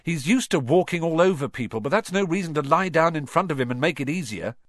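A man's voice: on the high side, lively intonation, quick pace, no room sound, clean studio sound, pitched above the performer's own voice. A man voicing a blunt, grumpy schoolboy wizard who talks plainly and grumbles.

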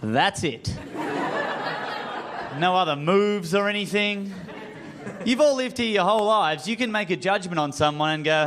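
A young Australian man with an Australian accent doing an animated, self-mocking stand-up routine on a comedy club stage. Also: high-pitched, moderate pace. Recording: live club with crowd laughter.

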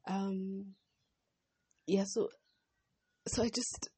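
A woman's voice: mid-range voice, steady tone, very slow, warm tone, breathy edge, no room sound. A young woman hosting a casual personal podcast, talking in a rambling, heartfelt way that often stops and restarts. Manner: rambling, self-interrupting, heartfelt. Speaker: podcast host.

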